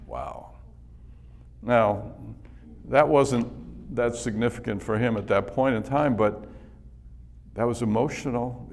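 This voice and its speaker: A man's voice: medium pitch, normal speed, a little mellow. A man giving a motivational talk to a business audience, telling personal stories in a conversational way and chuckling often. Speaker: speaker addressing a business group. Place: business event venue.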